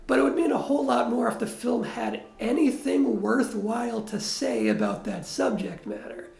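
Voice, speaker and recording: A man's voice: sits high, creaky, darkish tone, echoey room. A man giving a blunt, wry film review in a critical tone.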